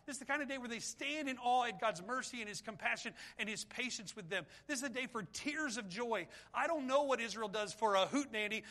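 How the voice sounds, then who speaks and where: A male pastor preaching with a high, bright voice. He asks rhetorical questions and pleads with his listeners, building to intense appeals. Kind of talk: sermon.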